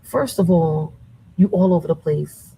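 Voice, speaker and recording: Woman livestream host, husky and low, emphatic and chatty. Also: unhurried, mellow, rough recording. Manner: conversational, emphatic, rhetorical questions to chat. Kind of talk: casual live commentary.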